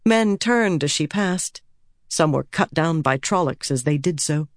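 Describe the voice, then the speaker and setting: A woman narrating a fantasy battle scene with steady storytelling delivery. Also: low-pitched, a little slow, no room sound, clean studio sound. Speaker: audiobook narrator. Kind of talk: scripted narration.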